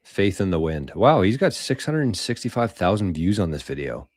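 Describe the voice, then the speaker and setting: A man's voice: low-pitched, very animated, moderate pace, darkish tone, no room sound. A man hosting a casual live-stream show, rambling loosely and swearing freely as he chats with viewers. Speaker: podcast host.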